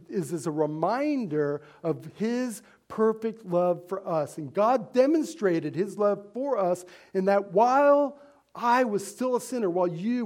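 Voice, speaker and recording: A male pastor delivering a sermon in a notably high voice. He preaches in an earnest, conversational way, pausing on fillers and tossing rhetorical questions to the congregation. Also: a little mellow.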